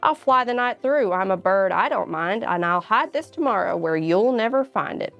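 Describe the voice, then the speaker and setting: A woman's voice: medium pitch, animated, moderate pace, creaky, dull audio, faint music behind. A woman voicing a mean, sneering male eagle in a storybook reading.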